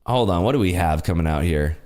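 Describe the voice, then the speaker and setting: Excitable male livestream host with an animated voice that swings up and down, laughs a lot, hypes up viewers' wins. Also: low-pitched, a little fast. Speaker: day trading livestream host. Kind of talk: casual live market commentary.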